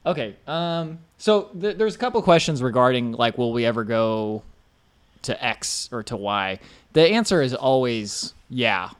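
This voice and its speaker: Relaxed man hosting a casual chat. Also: medium pitch, measured pace, smooth. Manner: relaxed, reads viewer questions. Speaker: podcast host.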